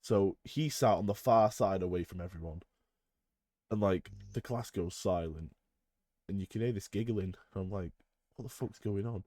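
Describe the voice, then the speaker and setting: A young man with a lowish voice spins a school story for his podcast. He is animated and laughs between lines. The sound is dry and close, with no room around it. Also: moderate pace, no room sound. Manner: animated storyteller, loud when acting out a shouting teacher, laughs through lines. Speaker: podcast co-host. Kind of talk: casual storytelling.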